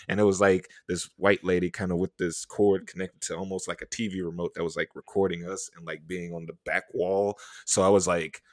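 A man's voice: low-pitched, a little fast, few pauses, dry recording, clean studio sound. A man hosting a podcast, telling a story in casual chat and animatedly acting out what people said. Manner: animated, acts out quotes with laughs and whispers. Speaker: podcast host.

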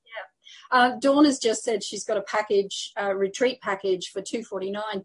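A woman's voice: medium pitch, a little slow. A woman guest, a coaching client, talking casually and chattily with lots of fillers. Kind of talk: casual conversation.

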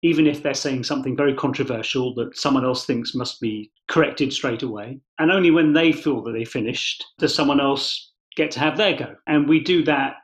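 A man speaking as a podcast guest, explaining his ideas in a thoughtful, measured way with gentle restarts. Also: medium pitch. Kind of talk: reflective conversational explanation. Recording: slightly dull lo-fi sound.

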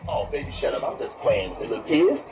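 A cranky hollering old dad. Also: male voice, a little high, huge pitch swings, quick pace, noisy background. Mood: mocking. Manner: hollering, blustery, cursing, cackling. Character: cranky loud older father yelling at party kids. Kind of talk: comedy film acting. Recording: dull film clip with music.

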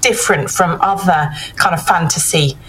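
A woman giving measured feedback on a piece of writing in a casual panel discussion. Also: fairly low pitch, over a noisy crowd, poor audio. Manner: thoughtful, measured critique with many fillers.

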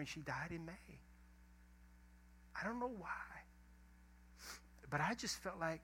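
With a fairly high male voice, a middle-aged pastor tells his sermon as folksy stories, shifting between loud emphasis and near-whispers. Slight background noise is audible.

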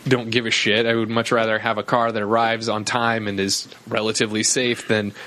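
A man co-hosting a casual comedy podcast, an animated storyteller who swears a lot and shouts when he acts out arguments. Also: lowish voice, brisk. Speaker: podcast co-host.

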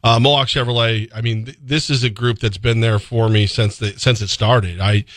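A man's voice: medium pitch, fairly even intonation, moderate pace, a bit bright, dry recording. A man co-hosting a sports radio show, chatting casually and rambling through a live ad read, laughing easily. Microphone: studio microphone.

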